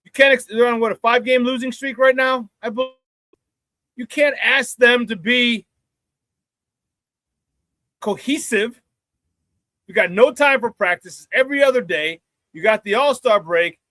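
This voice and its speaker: A man's voice: very high voice, unhurried, pauses often, sharp tone, no echo. A man hosting a casual live sports talk show, chatting with viewers, laughing often and repeating phrases for emphasis.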